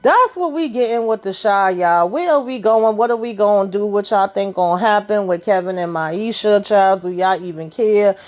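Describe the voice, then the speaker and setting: A woman's voice: mid-range voice, normal speed, hardly any pauses. A woman, casually recapping a TV episode in a sassy, chatty way and acting out the characters' lines. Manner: chatty, sassy, retells scenes in voices. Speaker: TV recap vlogger.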